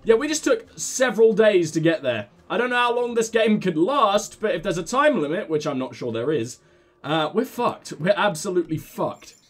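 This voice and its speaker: A man hosting a let's play, giving excitable, jokey commentary and swearing freely. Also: sits high, normal speed. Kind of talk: casual gameplay commentary.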